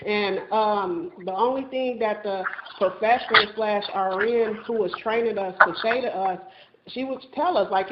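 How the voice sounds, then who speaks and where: A woman hosts an interview, earnest and chatty, with a lot of fillers. Her voice sits in the middle range and sounds a bit dull. The room is echoey, and noise is clearly heard behind her. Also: medium pitch, unhurried. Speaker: interviewer, channel host. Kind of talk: casual phone interview.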